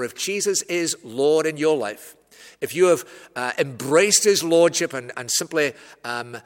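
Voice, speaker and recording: A man preaching an expository sermon, measured and explanatory, with wry asides. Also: a little high. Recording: echoey hall.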